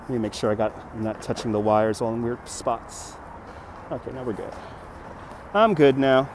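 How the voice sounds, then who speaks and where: A man's voice: medium pitch, moderate pace, slight background noise. A man from Brooklyn, chatting casually on a livestream outdoors by a city river, reading viewers' messages aloud and thanking donors, on a phone on a gimbal. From Brooklyn, New York. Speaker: livestream host.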